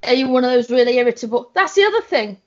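A woman in casual podcast chat, her voice sitting a little high for a woman as she tells animated anecdotes and swears freely. The recording is dull and lo-fi. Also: racing. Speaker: podcast guest.

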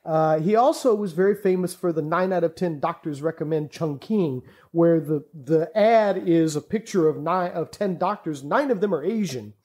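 A man's voice: fairly high pitch, normal speed, hardly any pauses, a little mellow, husky. A man talking as a podcast guest in casual chat, telling stories with enthusiasm and laughing often. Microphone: studio podcast mic.

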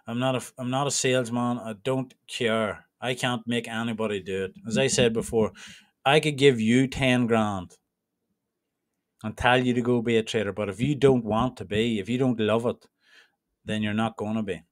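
A man's voice: mid-range voice, fairly even intonation, normal speed, no echo, clean studio sound. Irish man in a casual walkthrough. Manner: rambling and informal, with restarts. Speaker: trading mentor. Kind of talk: casual screen-share walkthrough.

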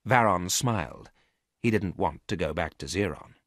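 A man narrating a graded story for English learners, reading clearly and carefully. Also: low-pitched, expressive, moderate pace, a bit bright, no room sound, clean studio sound.

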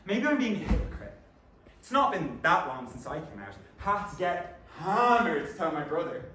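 Animated young Irish man performing on stage. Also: a little high. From West of Ireland. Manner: animated, switching between rapid inner voices, exclaiming. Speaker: actor. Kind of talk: comic stage monologue. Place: theatre stage. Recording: echoey live stage recording from far off, noisy.

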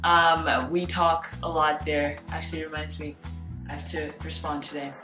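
A young woman reacts on camera in an excited, gushing chat full of exclamations. Her voice sits a little away from the mic in an echoey room, with loud music playing behind her. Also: low-pitched, normal speed, recorded from a distance. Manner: gushing, exclaims often, chatty asides. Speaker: reaction video host. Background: music from the video.

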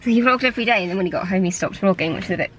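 A woman's voice: mid-range voice, very fast, slight background noise, rough recording. A young English woman chatting casually to camera in a vlog, rambling and giggly. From England. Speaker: vlogger.

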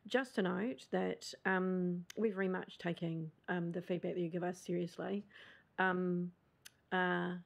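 Gravelly-voiced New Zealand woman explaining. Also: on the low side, fairly even intonation. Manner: measured, explanatory, many fillers. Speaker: council staff member. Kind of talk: formal meeting response.

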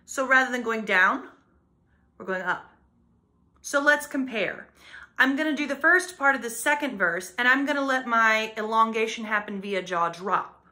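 Bright high-voiced woman vocal coach. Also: moderate pace. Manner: explains technique plainly, then sings short demo lines. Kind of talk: singing lesson with sung demonstrations.

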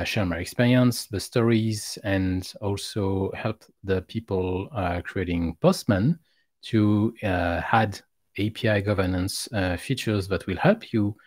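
A man with a French accent speaks as a guest over a video call. His voice is slightly low, and he explains carefully, often pausing on fillers. The sound is dry with no room echo. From France. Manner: hesitant, careful, frequent "uh". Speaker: guest, API expert. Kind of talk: casual interview.

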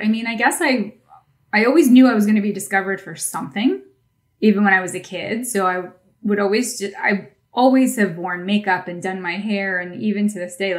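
A woman from New Jersey shares a story on a podcast, chatty and lively. She pokes fun at herself as she goes. Her voice sits in an ordinary middle pitch for a woman. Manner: chatty, animated, self-deprecating. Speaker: podcast co-host. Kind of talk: casual storytelling.

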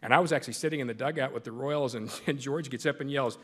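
A man's voice: mid-range voice, fast, a bit bright. A middle-aged male sportscaster giving a folksy, joking speech to a club in a large meeting hall. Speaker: sportscaster and guest speaker. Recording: echoey hall with long reverb.

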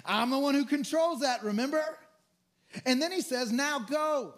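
A man preaching a sermon as pastor, earnest and stumbling into restarts, acting out the quoted lines. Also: normal speed. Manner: acts out quoted lines with rising pitch.

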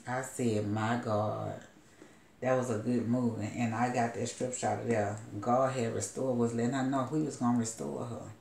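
Gravelly-voiced woman preacher, rambling. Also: extremely low pitch, fairly even intonation, moderate pace, darkish tone, echoey room, a little hiss or hum. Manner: loose rambling storytelling with asides. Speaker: prophetess. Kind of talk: retelling a story as a sermon.

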